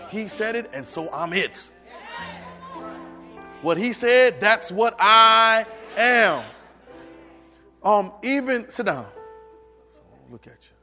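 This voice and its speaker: Male pastor, quite high for a man, preaching with call-and-response, soft asides that build to shouts, faint music underneath. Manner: swings from soft, low asides to loud, shouted exhortations; repeats phrases and restarts, urging the congregation to repeat after him. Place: church service.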